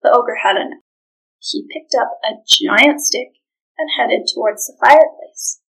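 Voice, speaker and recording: A woman narrating a storybook folk tale aloud in an expressive, dramatic way, with a husky voice. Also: on the high side, unhurried, rough recording.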